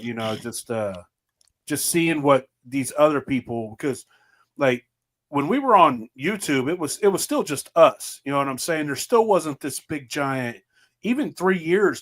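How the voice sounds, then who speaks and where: Easygoing man guest, slightly high voice, laid-back storyteller. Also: expressive, normal speed, fairly bright tone. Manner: easygoing, laughing, acts out quotes. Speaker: guest, moonshine partner. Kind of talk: casual podcast chat.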